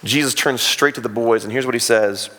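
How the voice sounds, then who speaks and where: A man preaching a sermon as a pastor, telling the story in an animated way and acting out the voices of the people in it. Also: mid-range voice, fairly quick. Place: church sanctuary. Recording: long hall reverb in church.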